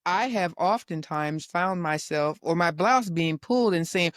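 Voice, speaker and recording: Middle-aged mom as guest; articulate, good-humored, mid-range voice, dry mic. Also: female voice, lowish voice, measured pace, few pauses, dry recording. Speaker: guest, host's mother. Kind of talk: casual chat.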